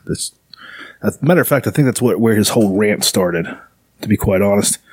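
A man's voice: lowish voice, brisk, slight background noise. A man hosting a podcast in casual chat, rambling and sarcastic, with lots of fillers. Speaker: podcast host.

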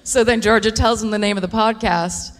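A woman's voice: on the high side, fairly even intonation, brisk. Joking American woman, live hall echo. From United States. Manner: joking, profane, laughs often. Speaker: podcast co-host. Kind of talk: live comedy podcast banter. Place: large concert hall before a live audience. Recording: live hall recording with long reverb and faint noise.

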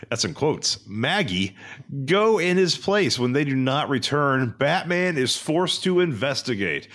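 A man hosting a casual podcast, reading episode summaries aloud in a jokey, animated way. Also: low voice. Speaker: podcast host.

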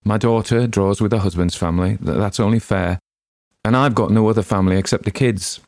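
A man playing a quiet, resigned village husband. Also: lowish voice, brisk, gravelly, no echo, studio quality, voice pushed up. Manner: quiet, regretful, plain.

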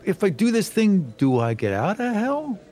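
A man playing a tabletop game, talking in a playful, animated way. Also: high voice, normal speed. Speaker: player.

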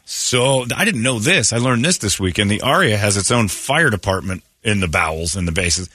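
A man's voice: lowish voice, expressive, normal speed, pushed and bright, no room sound, studio quality. A man hosting a morning radio show, rambling through a story and acting out other people's lines. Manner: rambling storyteller, acts out voices. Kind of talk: casual morning show banter.

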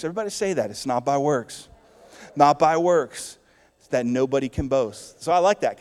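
A man preaching a sermon as pastor to his church, swinging between loud declarations and hushed, soft passages. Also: a little high, normal speed, long reverb tail.

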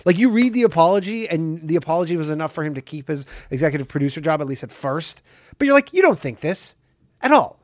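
A man in his thirties co-hosting a comedy podcast, talking in a sardonic, animated way, full of "like" and "you know". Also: a little high, fast talker, dry recording, studio quality. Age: 30s. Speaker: podcast co-host. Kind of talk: casual comedy podcast banter.

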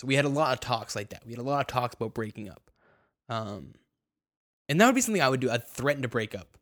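Halting young man, dry close sound. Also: mid-range voice, lively intonation, fairly bright tone, no room sound. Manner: halting, many fillers and restarts, swears, grows heated. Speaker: guest telling his story. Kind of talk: casual conversation.

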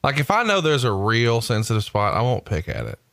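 A man from Alabama hosting a podcast, telling stories in an animated, chatty way. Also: mid-range voice, brisk, creaky, no echo, clean studio sound. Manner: storytelling, animated, laughing asides. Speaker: podcast host. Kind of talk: casual chat.

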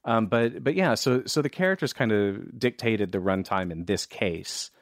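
A man, a film director, talking in a relaxed, thoughtful way with many restarts. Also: on the low side, moderate pace, no room sound, clean studio sound. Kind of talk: casual conversation.

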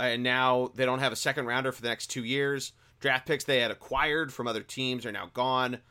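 A man's voice: medium pitch, bright, forceful tone. A man hosting a casual sports podcast, talking through the news in a loose conversational way with fillers and restarts. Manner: conversational, with fillers and self-corrections. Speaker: podcast host.

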